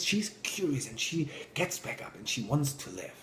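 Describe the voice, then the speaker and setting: A man speaking in an informal motivational talk, animated and quick to drop into a hushed whisper for emphasis. His voice sits at an everyday middle pitch, and the room gives it a noticeable echo. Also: slight background noise. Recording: roomy echo.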